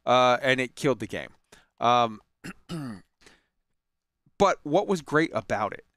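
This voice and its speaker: A man's voice: mid-range voice, animated, takes it slowly, a bit bright, dry recording, studio quality. A man talking casually and enthusiastically about an old game, rambling with fillers, restarts and swearing. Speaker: gaming commentator. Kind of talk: casual chat.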